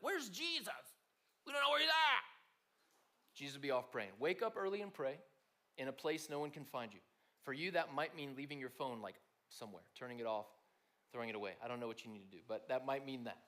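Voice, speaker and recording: A man's voice: medium pitch, quick pace, fairly bright tone. A man giving a conversational sermon to a room of students, talking to them directly. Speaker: speaker at a student gathering.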